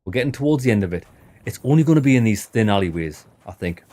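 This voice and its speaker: A man's voice: fairly low pitch, expressive, fast talker, a little mellow. A man with a Sunderland accent, chatting casually as he streams live gameplay. He laughs often and keeps up a running commentary. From Northeast England.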